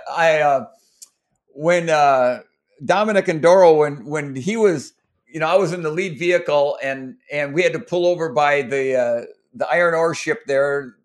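A middle-aged man from Minnesota, telling race stories in an interview, rambling with many restarts and getting emotional. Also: a little high. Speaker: guest, former marathon runner. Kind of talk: storytelling interview.

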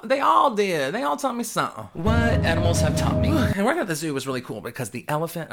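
A podcast host giving a loose, rambling solo monologue while high, often breaking into giggles. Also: background noise.

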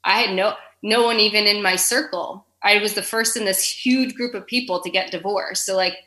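A woman's voice: mid-range voice, fairly even intonation, moderate pace, bright, forceful tone. A woman in her thirties, a podcast guest, talking frankly and emotionally in an interview, swearing freely and saying "like" a lot. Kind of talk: candid interview conversation.

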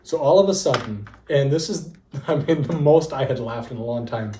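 In an echoey room, this young podcast co-host spins casual stories at a moderate pace with a medium-pitched voice. Laughter comes often, and he performs the lines of dialogue with plenty of energy.

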